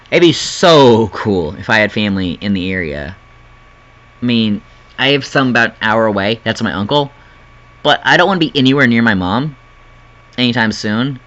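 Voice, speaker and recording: Bright-voiced young man, lo-fi vlog. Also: mid-range voice. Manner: rambling, emotional, laughs often, earnest. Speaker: vlogger. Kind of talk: casual personal vlog.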